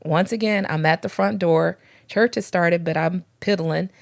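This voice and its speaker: A woman's voice: fairly low pitch, moderate pace, vocal fry. A middle-aged woman co-hosting a faith podcast, telling church stories and acting out the dialogue in them. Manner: storytelling, acts out dialogue with lively voices. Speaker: podcast co-host, former pastor's wife. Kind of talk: casual faith discussion.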